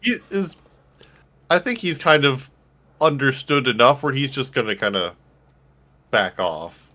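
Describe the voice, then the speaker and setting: A man playing a tabletop game, speaking in a halting, hesitant way. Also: mid-range voice, lively intonation, pushed and bright. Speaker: player.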